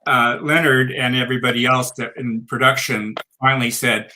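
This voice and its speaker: A man with a mid-range, bright and forceful voice, explaining things in a reunion chat. He talks in a measured, plain way. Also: medium pitch, level tone, low-quality recording. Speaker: guest actor. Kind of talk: casual explanation.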